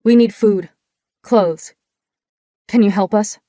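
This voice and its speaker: A woman's voice: mid-range voice, steady tone, slow pace, warm tone, no echo, close to an everyday voice. A determined young woman on the run, voiced by an audiobook narrator, urgent and insistent. The sound is dry and close-miked, with little room around it. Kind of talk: audiobook character voice.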